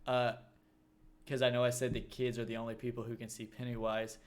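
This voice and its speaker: Relaxed man explaining a movie plot. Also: mid-range voice, a little fast. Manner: relaxed, matter-of-fact explainer. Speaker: podcast co-host. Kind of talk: casual movie discussion.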